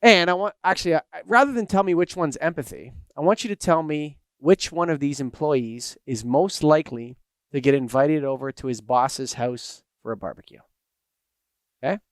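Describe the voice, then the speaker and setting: A man co-hosting a podcast in casual chat, telling anecdotes in an animated way. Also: a little high, moderate pace, smooth, no echo. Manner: animated storyteller, acts out anecdotes. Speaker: podcast co-host.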